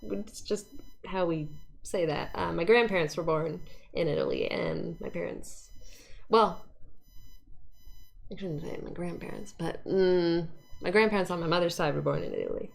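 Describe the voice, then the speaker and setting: A woman's voice: fairly low pitch, normal speed, creaky, long pauses. A young woman from Canada, a cosplayer chatting casually as an interview guest, laughing often and mimicking voices.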